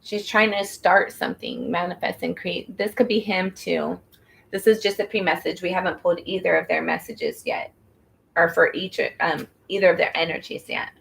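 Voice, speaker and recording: A woman's voice: fairly low pitch, fairly even intonation, normal speed, gravelly, a bit bright. A woman giving a casual spoken tarot reading, rambling and soothing, with many fillers as she talks. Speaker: tarot reader.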